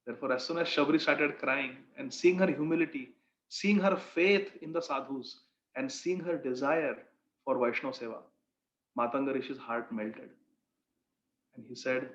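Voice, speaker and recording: A man's voice: medium pitch, normal speed. Man telling a devotional story. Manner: earnest, explains asides to the listeners. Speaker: spiritual teacher. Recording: echoey, dull lo-fi room recording.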